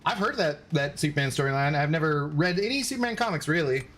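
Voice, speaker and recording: A man's voice: a little high, expressive, fast, a bit bright. A man chatting casually on a gaming livestream, laughing often, swearing loosely and thanking viewers by name. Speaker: streamer.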